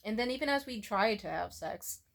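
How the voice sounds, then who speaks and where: This vlogger, a young woman, speaks at a moderate pace in a medium-pitched, creaky voice with lively intonation. Her personal stories come out candid and meandering, peppered with profanity and endless "like"s.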